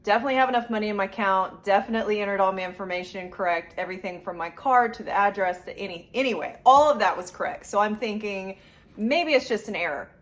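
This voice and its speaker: A woman vlogger venting in a rambling, frustrated casual rant to her viewers. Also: medium pitch. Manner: frustrated, rambling, quick asides. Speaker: collector vlogger.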